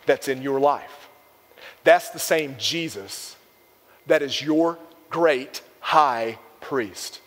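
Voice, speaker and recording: A young man preaching a sermon to a youth group, energetic and emphatic, repeating phrases for effect. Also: a little high, in a large hall. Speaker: youth pastor.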